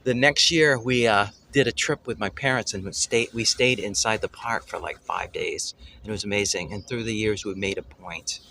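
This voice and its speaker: A man hosting a family travel show, telling a story casually and excitedly, often pausing to search for words. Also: lowish voice, gravelly, slight background noise. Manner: excitable, gropes for words, exclaims "holy cow".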